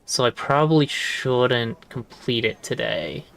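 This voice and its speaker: Man, livestreamer, casual gameplay commentary, chatty, musing, mid pitch. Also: lively intonation, slow pace, vocal fry, a bit bright.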